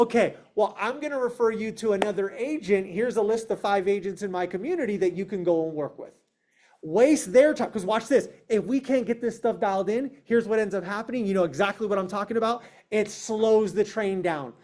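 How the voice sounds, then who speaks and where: A man leading a real estate sales meeting over a video call, emphatic and confrontational, firing questions at his team and acting out clients in quoted voices. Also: high-pitched. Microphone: online meeting, speaking to a video call.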